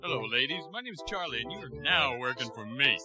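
A man's voice: mid-range voice, animated, fast, music in the background, lightly acted. An actor playing a smug male rival pimp who takes over.

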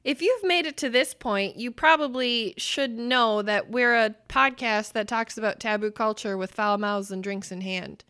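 A young adult woman co-hosting a casual podcast, telling stories with swearing and bursts of loud laughter. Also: fairly high pitch, normal speed, few pauses, clear, resonant tone. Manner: swearing, storytelling, laughs loudly. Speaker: podcast co-host. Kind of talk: casual chat.

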